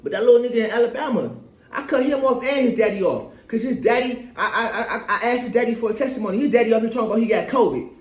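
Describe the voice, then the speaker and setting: A man in his thirties with a fairly high voice rambles through a profane, heated monologue. He keeps checking in with his listener as he talks. His voice carries a roomy echo on a dull, lo-fi recording. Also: fast talker. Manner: rambling, profane, keeps asking "you feel me". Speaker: vlogger. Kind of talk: casual venting monologue. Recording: echoey dull lo-fi room.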